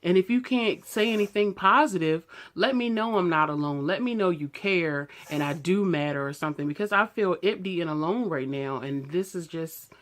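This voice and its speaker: Speaking at normal speed with few pauses, this woman's voice is fairly low-pitched. She's a vlogger in her thirties sharing a candid personal story to camera, raw, emotional and blunt in loose, casual language.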